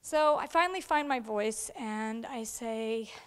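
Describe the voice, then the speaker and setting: A middle-aged keynote speaker addresses an audience in a large event hall, her voice a little high, smooth, and fairly bright, delivered at a measured pace with a big-room sound. She tells stories and acts out the voices of those she quotes.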